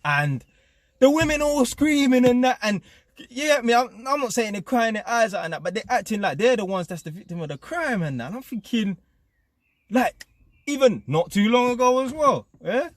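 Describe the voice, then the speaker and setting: Casually ranting to camera as a channel host, a young man speaks slangy street talk and keeps repeating tag questions like "innit." His voice is extremely high and sing-song at normal speed, captured dry with clean studio sound.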